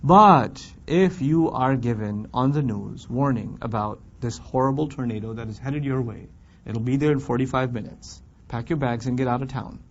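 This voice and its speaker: A man teaching a Quran class in a lively, conversational way, firing rhetorical questions at his students and acting out complaining voices. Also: medium pitch, normal speed, slight background noise. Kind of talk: classroom lecture on scripture. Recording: dull lo-fi recording.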